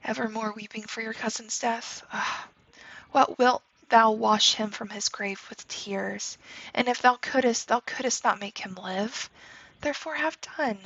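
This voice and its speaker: A woman's voice: a little high, measured pace, fairly bright tone, breathy edge, no echo, lo-fi sound, full character voice. A woman teacher reading the part of Lady Capulet, a stern and vengeful noble mother, in verse with a commanding tone. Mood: scolding.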